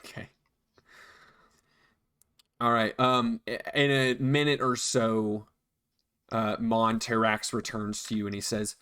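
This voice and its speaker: A man's voice: lowish voice, level tone, slow pace, pauses often, sharp tone, clean tone. A man narrating a tabletop game as dungeon master, hesitant, with many fillers and restarts.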